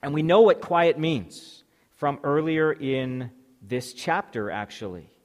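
A man's voice: a little high, expressive, takes it slowly. A man giving a sermon. He reads scripture aloud and then explains it step by step, with some fillers and restarts. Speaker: preacher. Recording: long hall reverb.

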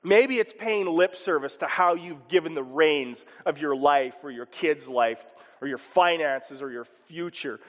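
High lively voiced guy preaching, pastor energy, big hall echo. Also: unhurried, few pauses. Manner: animated, acts out voices, chuckles. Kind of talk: sermon.

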